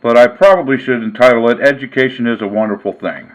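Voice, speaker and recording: A man and sports card vlogger telling a casual story in a folksy, relaxed way. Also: medium pitch, quick pace, rough recording.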